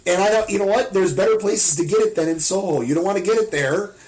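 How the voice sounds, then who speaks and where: An American man telling a rambling, animated anecdote in a casual podcast chat. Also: sits high, fast. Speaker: podcast host.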